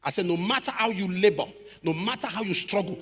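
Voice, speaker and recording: Male preacher, dramatic storyteller, lively high pitch, long hall reverb. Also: fairly quick, slightly rough. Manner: dramatic, acts out quoted voices, builds to shouted prayer. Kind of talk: sermon with storytelling. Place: church.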